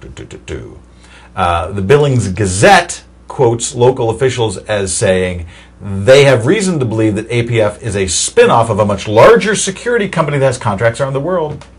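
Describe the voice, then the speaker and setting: Wry, husky-voiced male commentator. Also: mid-range voice, very animated, moderate pace. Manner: wry, chatty, reads articles with asides and fillers. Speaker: political commentary host. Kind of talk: casual commentary reading news aloud.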